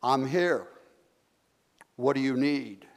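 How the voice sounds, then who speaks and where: A man voicing God in a sermon story, answering a fallen jogger in a calm, plain way. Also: mid-range voice, slow. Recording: long reverb of a sanctuary.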